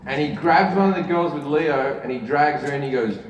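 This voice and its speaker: A man's voice: fairly quick, highs cut off, very noisy. A man with an Australian accent doing stand-up, telling a story full of swearing and jumping into big voices for the people in it. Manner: swearing, acts out characters in big pitch jumps. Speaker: stand-up comedian. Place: large arena stage. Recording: roomy arena with live crowd, mic heard from far. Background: audience laughter.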